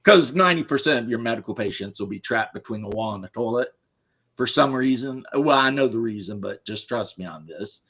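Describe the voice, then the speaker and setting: A man's voice: medium pitch, lively intonation, a little fast, fairly bright tone, breathy edge. A middle-aged man, a podcast host, giving his opinions in a blunt, crude, casual chat and laughing at his own stories.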